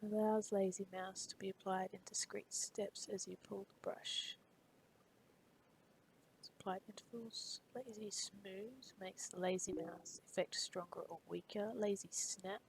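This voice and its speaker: A woman with a gravelly, creaky edge to her voice, pitched right in the middle, muttering under her breath as she works through a live modeling stream. She reads tool tips aloud half to herself, then drifts into loose chat with her viewers. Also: fairly even intonation, unhurried, darkish tone, slight background noise, poor audio. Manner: chats loosely with viewers in between.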